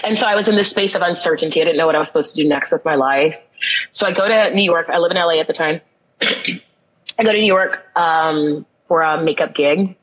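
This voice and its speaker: Earnest low-voiced woman telling her story. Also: rough recording. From United States. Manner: earnest, building to emphatic repetition. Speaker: guest. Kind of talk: storytelling interview.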